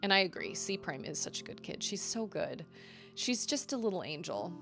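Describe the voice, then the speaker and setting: A woman's voice: on the low side, very animated, normal speed, gravelly, a bit bright. Chatty woman with faint music behind. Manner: chatty, rambling, laughing often. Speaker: streamer chatting with viewers. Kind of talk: casual chat. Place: home bedroom.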